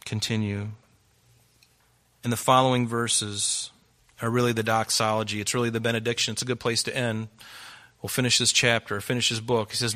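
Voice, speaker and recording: A man preaching an earnest sermon, exhorting his listeners and swinging between loud emphasis and hushed, quiet lines. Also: medium pitch, fairly even intonation, moderate pace. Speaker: pastor.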